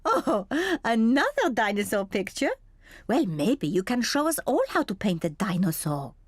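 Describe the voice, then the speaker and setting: A woman voicing a gentle female gazelle who teaches a playgroup, in a warm, encouraging cartoon voice. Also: mid-range voice, sing-song, moderate pace, dry recording, studio quality. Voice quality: warm, encouraging, sing-song. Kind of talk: cartoon voice acting.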